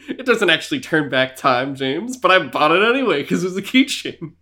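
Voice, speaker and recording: A young man co-hosting a podcast in casual chat. He tells animated stories, laughing often and swearing freely. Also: fairly high pitch, a little fast, few pauses. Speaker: podcast co-host.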